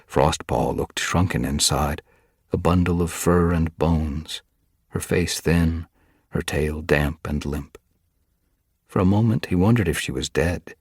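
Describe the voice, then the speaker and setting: A man reading a storybook aloud as narrator, steady and unhurried. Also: extremely low pitch, slightly rough, no echo, studio quality. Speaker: audiobook reader. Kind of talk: audiobook narration.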